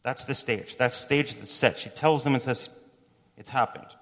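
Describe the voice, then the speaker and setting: A man preaching a sermon in a relaxed, conversational way, retelling stories and briefly voicing the people in them. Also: medium pitch. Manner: conversational, animated storytelling with quick voices for quotes. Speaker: pastor. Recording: reverberant hall.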